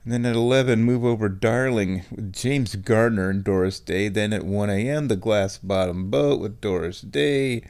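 A man hosting a show on his own, thinking aloud in an excitable, self-mocking ramble. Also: on the low side, moderate pace, few pauses, clean tone. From United States. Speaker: podcast host. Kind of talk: rambling solo chat.

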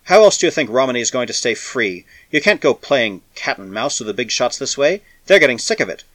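Man doing a weary spacer, harsh, forceful, lively pitch, dry sound. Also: a little fast, no echo. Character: weary battered adult male spacer, savage and stubborn.

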